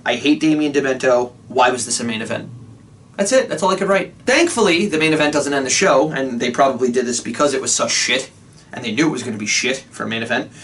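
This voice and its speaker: A man reviewing old wrestling shows in a casual, sarcastic rant, swearing often and jumping into high mocking quotes. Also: recorded from a distance. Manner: animated, sarcastic, profane, jumps to high squeaky quotes.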